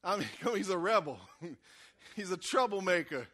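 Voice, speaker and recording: A preacher gives a sermon in a relaxed, conversational manner, his high, bright voice animated and moving at a moderate pace. He repeatedly calls on the congregation to respond and acts out the characters in his stories.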